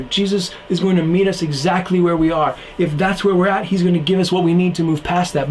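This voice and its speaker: A man's voice: high voice, a little hiss or hum, low-quality recording. A young man preaching an online youth sermon in an earnest, casual way, using slang and acting out the characters in the story. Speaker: youth pastor.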